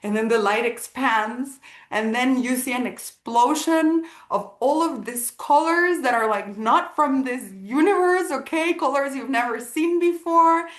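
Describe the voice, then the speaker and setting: A woman teaching at a live event, telling a story with animated energy, acting out the people she quotes and laughing often. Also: sits high, a little slow. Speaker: spiritual teacher. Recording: roomy echo.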